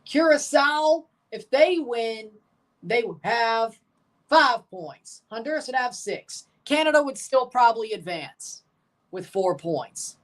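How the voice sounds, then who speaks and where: A woman's voice: on the high side, lively intonation, slow, far from the mic. A woman hosting a live match watchalong, chatting casually and calling the plays in short bursts.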